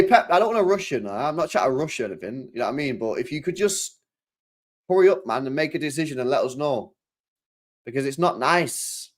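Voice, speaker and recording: A man's voice: a little high, fairly bright tone. A young man chatting casually on a football stream, exasperated, swearing often and laughing.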